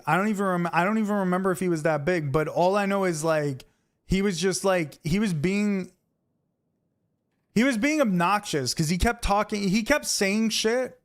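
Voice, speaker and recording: A young guy from New York talks to his stream chat while gaming, telling loose, profane stories in a slightly high voice. He's animated throughout, and he gets louder and more energetic whenever he acts out a confrontation.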